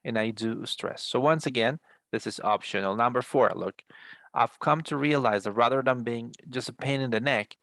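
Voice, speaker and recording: Male teacher, gravelly voice, dry close sound, lecturing students over a video call. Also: mid-range voice, moderate pace, a bit bright, no room sound. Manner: repeats words, frequent "right?" checks. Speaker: English teacher. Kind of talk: online class explanation.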